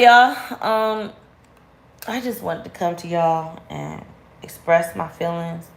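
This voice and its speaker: Vlogging woman, slightly low voice, candid and slangy, echoey room. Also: slow pace, creaky. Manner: candid, animated, slangy, rising sharply when venting. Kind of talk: casual storytime chat to camera.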